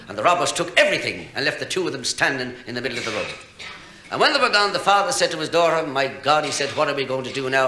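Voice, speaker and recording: On stage before a live audience, an Irish stand-up comedian tells stories and jokes, chatty and chuckling at his own punchlines. His medium-pitched voice sounds pushed and bright, recorded in an echoey live room with faint hiss.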